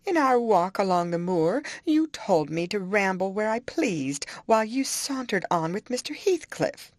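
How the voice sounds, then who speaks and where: A woman's voice: medium pitch, very animated, a little slow, darkish tone, no echo, clean studio sound, pitched above the performer's own voice. A woman reading an audiobook, voicing a jealous young woman in love who pleads, sobs and grows indignant. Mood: pleading.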